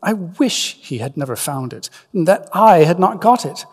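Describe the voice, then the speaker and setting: A frightened young hobbit, as a male reader puts him on, pleads in a raised, strained voice that stammers with worry. The voice sits well above the reader's own and comes out loud. Long reverb from a lecture hall hangs behind it. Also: sits high, expressive, moderate pace, slightly rough, pitched above the performer's own voice. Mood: pleading. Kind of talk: dramatic reading aloud.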